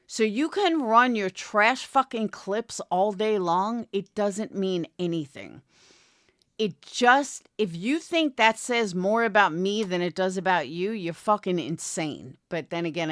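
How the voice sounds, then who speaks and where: A woman in a furious online callout rant, cursing freely and dripping with contempt. Her delivery is slow and deliberate, her pitch swings widely, and the recording is close and dry with no room sound. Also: a bit bright, no room sound. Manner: profane, contemptuous, confrontational. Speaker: commentary YouTuber.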